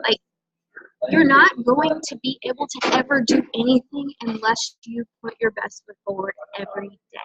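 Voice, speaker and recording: A woman's voice: high voice, animated, moderate pace, vocal fry, pushed and bright, slightly rough, no room sound, muffled recording. A woman leading a sales team, giving an emphatic motivational talk and often checking in with "okay?". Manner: emphatic, coaching, often tags lines with "okay?". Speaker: senior direct-sales team leader.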